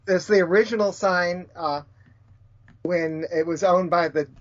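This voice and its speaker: A man co-hosting a casual podcast, halting and filling his speech with pauses as he explains. His voice sits a little high. The audio is dull and lo-fi. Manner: hesitant, many fillers and restarts. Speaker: podcast co-host.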